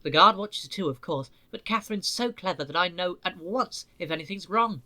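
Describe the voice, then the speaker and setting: A man voicing a calm, wise older male engine who talks in a gentle, thoughtful way. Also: high-pitched, moderate pace.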